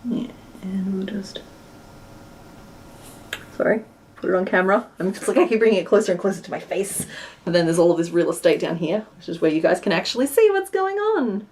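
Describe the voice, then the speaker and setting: A woman's voice: mid-range voice, animated, a little fast, pauses often, darkish tone, slight background noise. Chatty West Australian woman crafting on stream. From Western Australia. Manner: chatty and self-deprecating, narrating her hands-on work. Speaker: crochet streamer. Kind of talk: casual live-stream chat while crafting.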